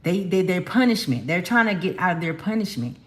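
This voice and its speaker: A woman's voice: fairly low pitch, sing-song, fairly quick. A woman from California giving a casual spiritual card reading, talking emphatically to her viewers in a chatty, slangy way. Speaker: tarot card reader. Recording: echoey room.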